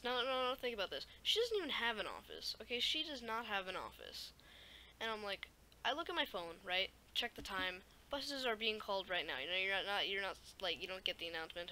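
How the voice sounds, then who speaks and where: A teenage girl telling a school story in a rambling vlog, with lots of "like" and "okay?" and animated asides. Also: mid-range voice, brisk, a little hiss or hum, low-quality recording. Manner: rambling, animated, fillers like "like" and "right?". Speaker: YouTuber.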